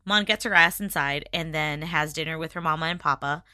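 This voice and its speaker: A woman's voice: low-pitched, a little fast, pushed and bright, dry recording, studio quality. A woman co-hosting a casual chat, recapping a drama, laughing often and swearing casually. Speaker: podcast co-host recapping a drama.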